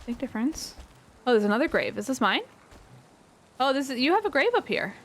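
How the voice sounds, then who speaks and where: A woman's voice: sits high, big pitch swings, fairly quick, slight background noise. A woman streaming a survival game with a friend, chatting casually and rambling, laughing often. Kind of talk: casual gaming chat.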